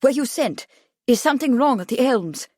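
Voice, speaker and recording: A woman voicing a brisk, anxious gentleman in an audiobook. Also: mid-range voice, dry recording, clean studio sound, close to an everyday voice. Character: Kipling, a worried family man.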